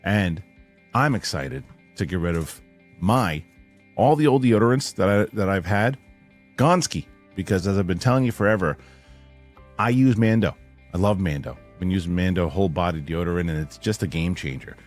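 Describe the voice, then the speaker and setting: A middle-aged man hosting a casual podcast, rambling and animated, often repeating his words as he reads sponsor spots and tells stories. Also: low-pitched, normal speed, faint music behind. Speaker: show host.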